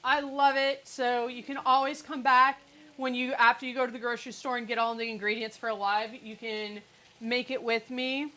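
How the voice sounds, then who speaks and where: A woman's voice: fairly high pitch, flat delivery, moderate pace, pushed and bright, rough recording. A woman hosting a cooking livestream from her home kitchen, chatting casually and cracking sarcastic jokes. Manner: chatty, joking, sarcastic asides. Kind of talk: casual live cooking chat.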